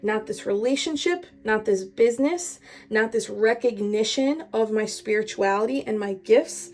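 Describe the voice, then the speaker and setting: A young woman talks through a tarot reading straight to her viewers. She is chatty and meandering, and she leans on her points with emphasis. Her voice sits at an ordinary middle pitch. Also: moderate pace, darkish tone. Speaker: tarot reader. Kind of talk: casual spiritual tarot reading.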